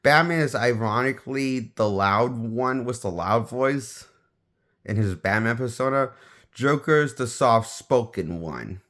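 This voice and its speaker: A man's voice: mid-range voice, expressive, unhurried, a bit bright. A man giving a casual spoken movie review, rambling and often restarting his sentences as he shares offhand opinions. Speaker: film reviewer.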